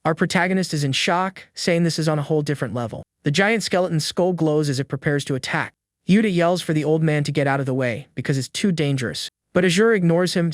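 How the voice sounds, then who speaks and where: Guy narrating a comic recap, kinda high voice, steady even read, super dry sound. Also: dry recording. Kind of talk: scripted story recap narration.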